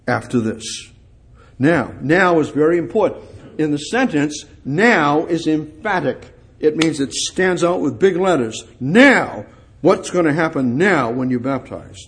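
A man's voice: a little high, expressive, takes it slowly, husky. A man preaching a sermon, speaking in the voices of the people in the passage and building to emphatic, rising peaks.

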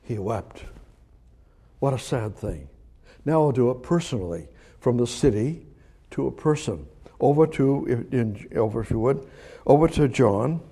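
Male preacher, mellow voice, conversational sermon with rhetorical questions, swings from emphatic to hushed. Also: mid-range voice, animated, measured pace, long pauses, slightly rough.

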